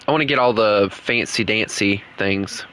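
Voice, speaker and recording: Guy streaming a game w/ viewers, jokey teasing, bright edgy voice, faint hum behind. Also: lowish voice, normal speed. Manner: joking, teasing. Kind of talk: casual gameplay chat with viewers.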